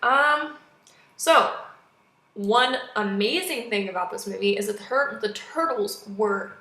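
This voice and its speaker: A young woman giving a chatty, animated movie review in a casual vlog, acting out quotes now and then. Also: mid-range voice, measured pace. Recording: echoey room.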